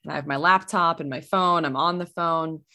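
A woman in her thirties with a somewhat low voice tells a personal story as a podcast guest. Her delivery is lively and chatty. She laughs easily and leaps upward in pitch whenever she quotes someone. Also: normal speed. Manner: animated, laughs often, voices quotes with sharp pitch jumps. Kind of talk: casual storytelling chat.

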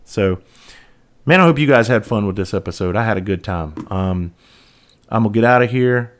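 A man's voice: lowish voice, moderate pace. A middle-aged man hosting a podcast, telling rambling, profane stories about his years in police and fire work in a casual monologue. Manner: profane, rambling and animated, with frequent restarts. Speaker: podcast host, former police officer and firefighter.

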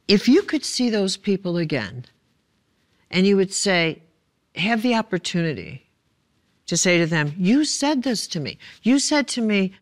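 A woman, a spiritual author and speaker, teaching in a reflective, emphatic way and often putting questions to the listener. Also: on the low side.

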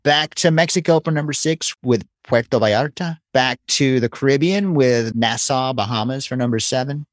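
A man with a mid-pitched voice co-hosts a relaxed chat and counts down a list. His humor is dry and sarcastic. The sound is close and dead, with no echo. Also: normal speed, hardly any pauses. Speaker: co-host. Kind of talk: casual chat.

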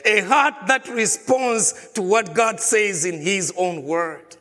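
A man's voice: high-pitched, takes it slowly, few pauses, sharp tone, big-room sound. A man preaching a sermon as a pastor, asking the congregation question after question. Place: church.

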